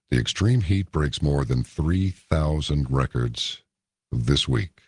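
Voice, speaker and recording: A man hosting a late-night radio talk show, interviewing a guest in a relaxed, conversational way. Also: rumbling low, husky, dry recording, clean studio sound.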